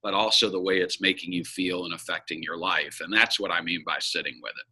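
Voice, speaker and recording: A man's voice: low voice, fairly even intonation, brisk, bright, forceful tone, husky, rough recording. A man speaking as an interview guest, a business coach and facilitator who talks frankly and emphatically and swears now and then. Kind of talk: candid interview conversation.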